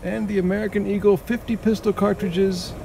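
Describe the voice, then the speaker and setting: A man's voice: sits high, level tone, a little fast, vocal fry, warm tone, slight background noise. A man in a casual outdoor travel vlog, talking in a chatty, wry and self-mocking way. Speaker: travel vlogger. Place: outdoors by a swamp.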